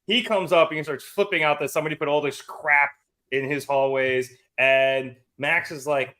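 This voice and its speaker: A man's voice: a little high, moderate pace. A man with a slightly raised voice talks through a wrestling episode in loose, casual chat. He bounces into little impressions of the people he describes. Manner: animated recapper, acting out quotes. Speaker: podcast co-host.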